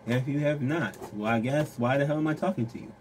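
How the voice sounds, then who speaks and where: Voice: mid-range voice, fast talker, a crowd in the background. Rambling tarot reader. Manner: rambling, filler-heavy talk; frank and direct toward the viewer. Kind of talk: casual tarot reading.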